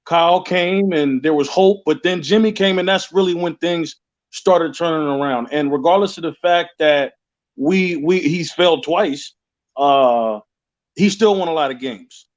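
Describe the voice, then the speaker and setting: Male caller, high voice, rambling and repetitive, muffled lo-fi line. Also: measured pace. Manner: rambling, repeats words and restarts often. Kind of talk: casual call-in chat.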